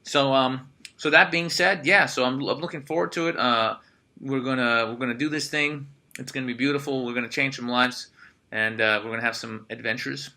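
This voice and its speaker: A man hosting a podcast in casual chat, energetic and swearing freely, with lots of fillers like "uh". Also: mid-range voice, a little fast, creaky. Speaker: podcast host.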